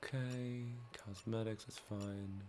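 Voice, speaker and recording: A man's voice: fairly low pitch, steady tone, slow pace, noisy background. A man commenting on a video game as a streamer, with wry, muttered asides. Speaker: gaming streamer. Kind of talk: let's-play commentary.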